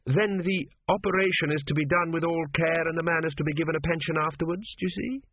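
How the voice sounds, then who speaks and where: A man's voice: fairly high pitch, fast talker, slight background noise, voice pushed up, close to an everyday voice. A man reading aloud, voicing an earnest young male king who gets raised and indignant. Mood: commanding. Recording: dry, tinny phone-like sound.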